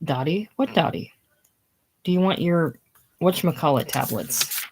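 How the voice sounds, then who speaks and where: A bossy, motherly older woman who fusses and gives orders, read by a woman in a casual play reading. The voice is low-pitched for a woman. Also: animated, measured pace, background noise. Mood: fussing. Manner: bossy, fussing.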